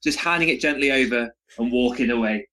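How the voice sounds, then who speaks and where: A male podcast co-host with a mid-pitched, bright and forward voice. He jokes easily, chuckling and painting funny scenes in relaxed conversation. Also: brisk. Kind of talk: casual interview chat.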